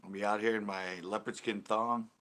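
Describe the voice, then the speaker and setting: A man's voice: on the low side, fairly even intonation, normal speed, fairly bright tone. A man hosting a casual fishing live stream, joking and rambling as he chats with viewers. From California. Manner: joking, rambling, laughs a lot. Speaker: fishing channel host.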